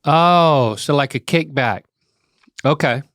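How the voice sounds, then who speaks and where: A young man co-hosting a podcast, playful and teasing, quick to laugh. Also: on the high side, fairly bright tone, no room sound, studio quality. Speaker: podcast co-host. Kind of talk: casual podcast chat.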